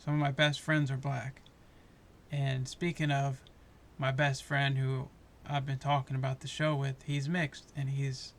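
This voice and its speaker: Man, solo review, heated profane rant, raised pitch, gravelly fry. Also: a bit bright. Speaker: show reviewer. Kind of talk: casual ranting review.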